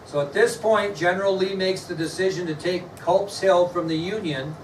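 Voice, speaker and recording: A male history teacher lecturing a class, quizzing students and spelling words out slowly. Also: high-pitched, a little hiss or hum. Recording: echoey classroom, mic far off, faint ambience.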